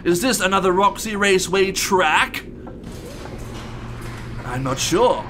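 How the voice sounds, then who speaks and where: Toy bear gentleman, played by a man: high, sharp, exclamatory and fussy, a let's-play host in character. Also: animated, slow, a little hiss or hum, heavily acted. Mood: chatty. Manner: exclamatory, fussy, addresses people as sir. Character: polite gentleman toy bear animatronic, tea-loving. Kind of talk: gameplay commentary in character.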